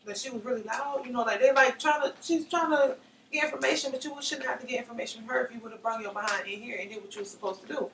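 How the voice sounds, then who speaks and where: Fast and fairly high-pitched, with vocal fry and a fairly bright tone, a young interviewee shares an emotional testimony, frequently voicing other people's words. The mic is slightly distant in a roomy space, with faint noise.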